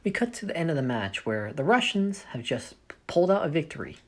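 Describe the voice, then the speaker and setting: A woman's voice: sits low, very animated, fairly quick. A woman explaining the setup of her fan story in a casual, rambling way, often stopping to correct herself. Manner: rambling, self-correcting, thinking aloud. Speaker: fanfiction storyteller.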